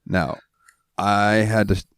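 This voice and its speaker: A man with a fairly low voice chatting on a podcast, relaxed and rambling as he hunts for names. He laughs easily. The recording is close and dry. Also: slow pace, smooth, no echo. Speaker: podcast co-host. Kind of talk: casual chat.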